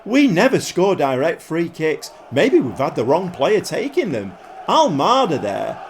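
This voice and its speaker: A man commentating his football management game like a pundit, breaking into excited outbursts at the goals. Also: on the high side, unhurried, slight background noise. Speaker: gaming YouTuber.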